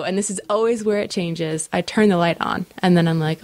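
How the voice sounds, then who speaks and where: Low-voiced woman telling stories. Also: moderate pace, dry recording. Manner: animated storyteller, laughs often. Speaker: podcast co-host. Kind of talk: casual chat.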